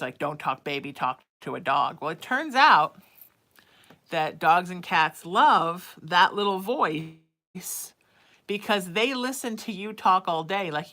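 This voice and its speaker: A woman's voice: on the low side, a bit bright. A woman hosting a live psychic reading show, chatting affectionately with viewers and calling them sweetie and baby. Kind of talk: casual live-stream chat.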